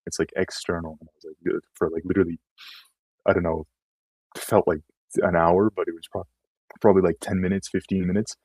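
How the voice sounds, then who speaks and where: Male guest, very low and husky, loose rambling delivery, dry sound. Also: little pitch movement, a little fast, long pauses, a little mellow, no echo, low-quality recording. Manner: rambling, trailing storytelling. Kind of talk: casual conversation.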